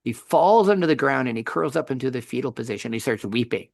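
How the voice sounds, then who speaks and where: A middle-aged man co-hosting a faith podcast, telling a story in a lively conversational way with frequent restarts. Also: mid-range voice, fast, creaky, dry recording, studio quality. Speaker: podcast co-host.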